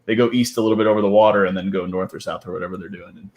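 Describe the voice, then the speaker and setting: A man's voice: sits low, steady tone, rapid-fire, a little mellow. A man chatting casually in a laid-back way, telling stories to his co-hosts. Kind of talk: casual chat.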